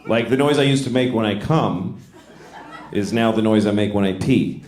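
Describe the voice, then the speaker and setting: A middle-aged man doing live stand-up, telling stories deadpan and jumping into high-pitched voices. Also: normal speed. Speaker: stand-up comedian. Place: comedy club stage. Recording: echoey club with crowd noise.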